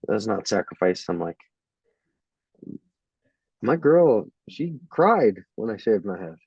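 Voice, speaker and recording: A man's voice: fairly low pitch, sing-song, slow pace, a little mellow, slightly rough, no echo, dull audio. A young man in a casual interview, laughing and acting out quotes as he tells stories. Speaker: fighter.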